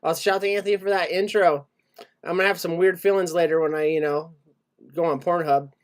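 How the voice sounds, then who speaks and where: A man hosting a podcast in casual chat, joking, laughing often and reading out shout-outs to his chat. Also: a little high, fairly even intonation, fairly quick. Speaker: podcast host.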